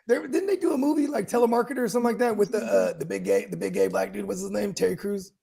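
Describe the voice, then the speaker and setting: A man with a high, gravelly, husky voice jokes through a casual podcast chat. His pitch swings around a lot, and he keeps slipping into put-on voices for laughs. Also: expressive, quick pace, dark tone. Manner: joking, puts on silly voices. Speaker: podcast co-host.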